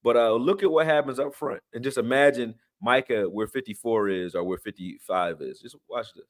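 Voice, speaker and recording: A man's voice: medium pitch, a little fast. Tired, chatty man breaking down film. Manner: loose and chatty, slangy, many fillers and restarts. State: tired, yawning. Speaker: sports channel host breaking down game film. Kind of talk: casual live film breakdown.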